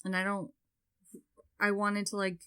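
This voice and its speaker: A woman talking as a podcast guest in casual conversation, filling her speech with "like" and growing lively as she tells stories. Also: mid-range voice, unhurried, clean tone. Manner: chatty, filler-heavy, frequent "like"; grows loud and lively when telling stories.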